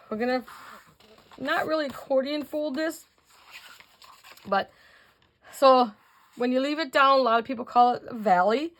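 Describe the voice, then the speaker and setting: Chatty woman with a higher voice teaching a craft. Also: a little hiss or hum. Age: older. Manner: chatty, talks to viewers while working, counts out measurements. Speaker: craft tutorial host. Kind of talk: casual crafting tutorial.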